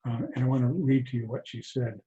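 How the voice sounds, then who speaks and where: Male mindfulness teacher, soft and reflective, mid-pitched, muffled video call sound. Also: flat delivery, noisy background. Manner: soft-spoken, halting, many restarts. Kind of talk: reflective talk to an online group. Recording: dull lo-fi video call audio.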